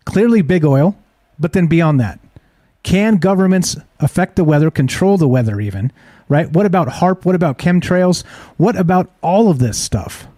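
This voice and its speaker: Male streaming host, mellow slightly high voice, skeptical rhetorical delivery, dry close recording. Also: expressive, moderate pace, dry recording. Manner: skeptical, rhetorical, keeps asking the audience "right?". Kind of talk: live-streamed talk show monologue.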